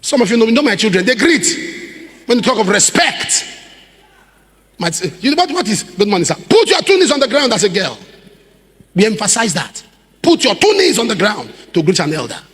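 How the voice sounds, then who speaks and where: High, lively Nigerian man preaching. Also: brisk, pauses often. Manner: preachy, rhetorical questions to the congregation, acts out quoted voices. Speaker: pastor. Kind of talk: sermon. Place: large church hall. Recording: long reverb of a large hall.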